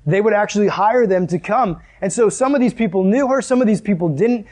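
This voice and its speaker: A man's voice: high voice, fairly quick, a little mellow. A male pastor preaching a sermon in a conversational way, acting out the scenes he tells.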